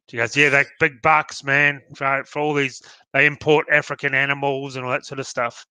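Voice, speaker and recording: A man's voice: mid-range voice, flat delivery, moderate pace, sharp tone, clear, resonant tone, dry recording. An Australian man co-hosting a podcast, chatting bluntly and with strong opinions. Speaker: podcast co-host. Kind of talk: casual chat.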